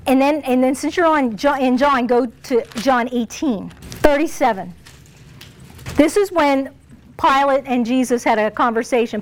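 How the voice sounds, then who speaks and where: High-voiced woman preaching. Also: unhurried. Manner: conversational, laughs often, acts out quoted lines. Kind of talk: sermon.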